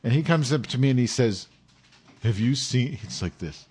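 A man with a husky voice chats casually and tells a story with energy. He acts out the people in it, jumping up in pitch for their lines, and goes soft and low for his asides. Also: expressive, moderate pace. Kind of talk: casual chat.

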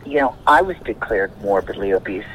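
A man's voice: lowish voice, expressive, brisk, narrow, tinny audio, a little hiss or hum. A man with a New York accent co-hosting a podcast in casual banter, often stumbling over repeated words. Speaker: podcast co-host.

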